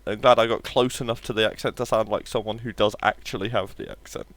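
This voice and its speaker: A man's voice: on the low side, fairly even intonation, fast, a bit bright, no echo. A man streaming a game live, chatting casually with viewers in a wry, joking way and swearing offhandedly. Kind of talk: casual live-stream chat while gaming.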